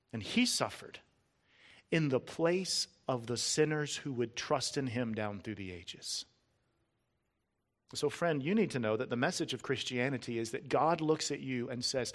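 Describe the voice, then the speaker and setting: A man delivers a sermon a little slowly, earnest and emphatic. He stresses lists word by word and drops low and soft at key points.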